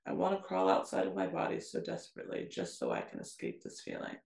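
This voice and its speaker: A woman co-hosting a podcast, reading intense passages of a novel aloud at a steady pace and breaking off for quick asides. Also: fairly low pitch, creaky, echoey room. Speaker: podcast co-host.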